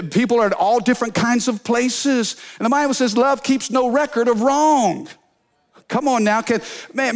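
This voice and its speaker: A man preaching a sermon as pastor, energetic, telling funny stories and calling out to the congregation. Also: high-pitched. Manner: energetic preaching with call-and-response; storytelling with humor.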